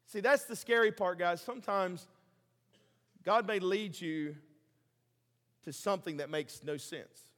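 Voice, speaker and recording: A man preaching a sermon, passionate, swinging between loud emphasis and quiet, low asides. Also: unhurried, long pauses. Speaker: pastor. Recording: hall reverb.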